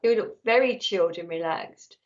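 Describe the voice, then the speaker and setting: Speaking at a moderate pace in a lowish voice, a woman psychic medium reads messages from viewers on her live stream, chatty and affectionate. She uses earphones with a mic, giving slightly dull, lo-fi stream audio.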